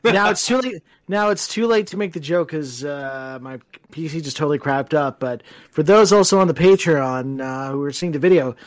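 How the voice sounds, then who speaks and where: A man co-hosting a podcast with dry wisecracks in casual chat. His voice sits high for a man, and the sound is close and dry with no room around it. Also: normal speed, no room sound. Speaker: podcast co-host.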